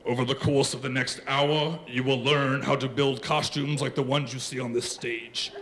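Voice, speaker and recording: A man voicing a costumed masked villain giving a lecture in a slow, solemn, deep tone. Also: little pitch movement, background noise, close to an everyday voice.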